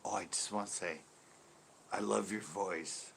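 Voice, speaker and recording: A man's voice: on the low side, fairly even intonation, unhurried, vocal fry, a bit bright, slight background noise, pitched below the performer's own voice. A young woman on a support line gushes over the caller, as a man repeats her words in his own voice. Her praise spills out eagerly. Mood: gushing. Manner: gushing. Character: young woman phone agent, gushing and flattering.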